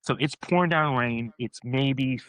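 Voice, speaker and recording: A man on a podcast, telling a story in a casual, excited way, rambling, restarting his sentences. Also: medium pitch, unhurried, clear, resonant tone, low-quality recording.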